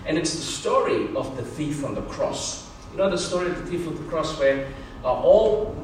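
A man's voice: mid-range voice, a little mellow, recorded from a distance, slight background noise. Male pastor preaching in an echoey church. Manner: earnest, exhorting, storytelling. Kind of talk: sermon.

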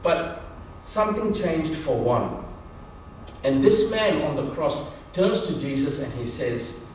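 Male pastor, earnest sermon delivery, mid-pitched voice, distant mic in a very echoey church with faint ambience. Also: sing-song, slow pace, slight background noise. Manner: earnest, exhorting, storytelling.

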